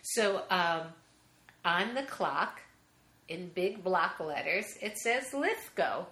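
A woman comedian telling an animated story as a podcast guest, acting out the people she quotes and laughing often. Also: fairly low pitch, takes it slowly, roomy sound. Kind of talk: anecdote in casual interview.

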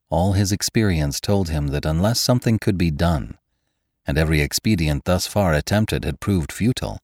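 A man narrating a classic tale for a podcast with an expressive storytelling delivery. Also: low-pitched, no room sound, clean studio sound.

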